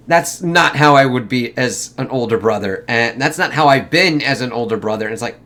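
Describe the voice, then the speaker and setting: A man's voice: mid-range voice, expressive, normal speed, sharp tone. A man talks through a film review in a loose, meandering way, swearing freely. He keeps slipping into brief, exaggerated voices for the characters and fills his talk with "like" and "kind of.". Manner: profane, rambling, acts out quotes in exaggerated voices. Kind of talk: casual spoken movie review.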